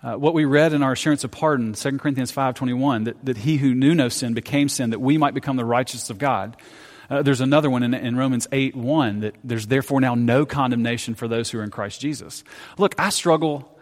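Animated male preacher in a reverberant hall. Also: mid-range voice, a little fast. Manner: animated storytelling preacher, self-deprecating humor. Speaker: pastor. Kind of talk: sermon.

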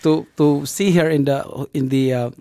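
A man telling a personal story in casual talk, halting and restarting often and speaking English as a non-native speaker. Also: no room sound, studio quality. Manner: halting, with many restarts and fillers; acts out quoted dialogue with lively jumps in pitch. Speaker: storyteller in a conversation.

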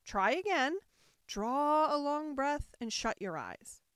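A woman's voice: big pitch swings, moderate pace, no room sound, studio quality. The shrieking, fretful White Queen. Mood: fussing. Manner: shrill squeaky screams and fretful wailing. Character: flustered, scatterbrained old White Queen.

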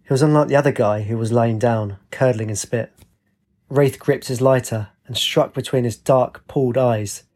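A man narrating a story with a steady, dramatic reading. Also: medium pitch, moderate pace.

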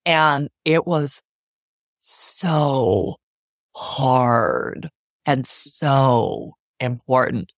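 A woman's voice: extremely low pitch, drawn-out words, dry recording, clean studio sound. A middle-aged woman psychotherapist speaking as a guest in a podcast interview, earnest and emphatic, repeating phrases to drive her point home.

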